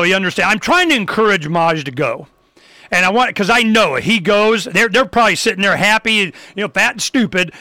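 A man hosting a talk show, delivering a rambling, fired-up rant with sudden loud, emphatic bursts. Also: high voice, dry recording. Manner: loose and rambling, with restarts. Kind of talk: ranting talk show monologue.

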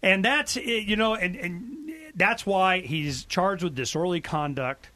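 A man's voice: unhurried, bright, forceful tone. A man hosting a talk radio show, telling stories and acting out quotes. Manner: storytelling, acts out quotes with big pitch swings. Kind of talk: animated talk radio monologue.

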